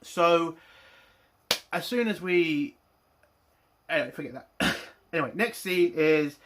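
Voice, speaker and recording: A man rants through a TV review, blunt, exasperated and quick to swear. His voice sits a touch high and comes across forceful and bright. Restarts and stumbles show up as he talks his way through his frustration. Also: expressive. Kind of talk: ranting review monologue.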